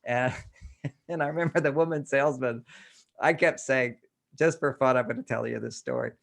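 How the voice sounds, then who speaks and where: An older man with a gravelly, creaky voice at a middle pitch, speaking as an interview guest. He talks in a loose, animated way, acting out quoted lines and chuckling as he goes. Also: normal speed. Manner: animated storytelling, acts out quoted dialogue, laughs often. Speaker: guest, relationship author. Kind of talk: conversational interview.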